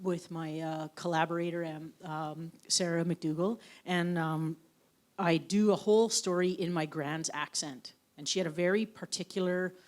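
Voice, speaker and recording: Frank, storytelling author from the Yukon. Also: female voice, fairly low pitch, steady tone, moderate pace. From Yukon, Canada. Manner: anecdotal storyteller, frank and profane. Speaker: author guest. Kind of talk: onstage conversation. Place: live event on stage.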